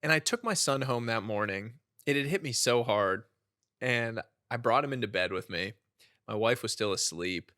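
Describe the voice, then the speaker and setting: A man in his thirties speaking as a podcast guest and author, telling stories in an earnest, animated way. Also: mid-range voice, normal speed, no room sound, studio quality. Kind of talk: conversational storytelling.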